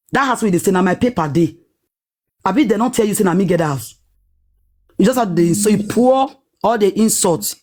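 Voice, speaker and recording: A woman with a Nigerian Pidgin accent telling a personal story in a lively, dramatic way, acting out what people said. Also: medium pitch. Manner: animated, dramatic retelling with acted-out quotes.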